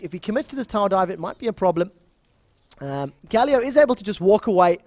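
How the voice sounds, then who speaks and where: Man, South African accent, young adult, excitable esports commentary, very lively pitch. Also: no echo. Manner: fast, excitable play-by-play that rises in big moments. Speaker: esports shoutcaster. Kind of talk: live game commentary.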